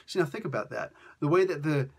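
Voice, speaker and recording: A man hosting a comic book review, chatting in a casual, animated way with jokey asides. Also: on the high side, quick pace, husky.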